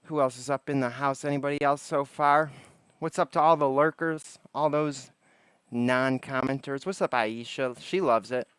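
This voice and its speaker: A man's voice: mid-range voice, steady tone, moderate pace, fairly bright tone, clear, resonant tone, no echo. A man hosting a casual late-night livestream, joking around and greeting chatters by name from his porch. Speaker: livestream host. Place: outdoors on a porch.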